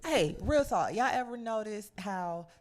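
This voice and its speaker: A woman's voice: medium pitch, lively intonation, unhurried, a loud crowd. A woman guest on a radio show, chatting casually and teasing the host. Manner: teasing, upbeat. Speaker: guest promoting a dance festival. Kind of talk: casual on-air chat.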